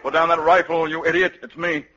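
Curt, scheming officer giving hushed orders, a man acting, bright tone, old radio comedy. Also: on the high side, level tone, fairly quick, a faint crowd. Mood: annoyed. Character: scheming middle-aged male cavalry colonel, curt and sneaky. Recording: dull lo-fi old radio recording.

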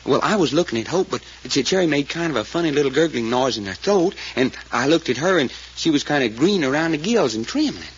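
A man's voice: on the high side, animated, quick pace, few pauses, natural voice. A man playing a folksy drawling country man called Doc. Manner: drawling, rustic grammar, anxious retelling. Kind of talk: 1940s radio acting. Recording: muffled old radio recording with faint hiss.

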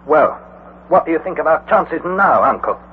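Old radio drama: a man playing a nervous young nephew on an expedition, excitable and panicky, with a lively, swinging voice. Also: a little high, lightly acted. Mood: anxious. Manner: anxious, breathless, quick to panic. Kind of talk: 1940s radio acting. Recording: tinny, hissy old radio broadcast.

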